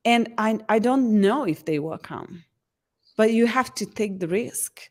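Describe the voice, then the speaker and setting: A woman's voice: a little high, measured pace. Earnest woman coach. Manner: earnest, frequent restarts, lively acted quotes. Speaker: empowerment coach. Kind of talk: conversational interview answer.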